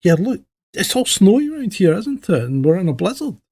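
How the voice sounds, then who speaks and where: A man's voice: sits high, very animated, fairly quick, darkish tone, voice pushed up, exaggerated voice. A man doing an exasperated mother polar bear. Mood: patient. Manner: patient then exasperated replies.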